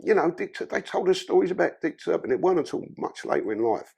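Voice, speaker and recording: A man's voice: a little high, sing-song, fast talker, gravelly, darkish tone, slightly rough. A man from London with a London accent, a podcast guest telling his life story in blunt, profane, casual talk.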